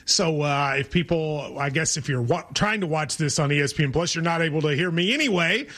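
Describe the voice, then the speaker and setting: Man, sports host, from Kentucky, wry casual chat, high voice. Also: lively intonation, fairly quick, a bit bright. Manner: chatty, joking, wry.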